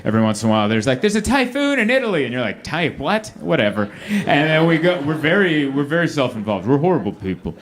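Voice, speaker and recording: A man's voice: mid-range voice, quick pace, a little hiss or hum. A man performing a stand-up comedy set on a club stage, acting out the voices of the people in his stories. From United States. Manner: animated, acts out quoted voices. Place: comedy club stage before a laughing crowd. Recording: live club with loud crowd laughter.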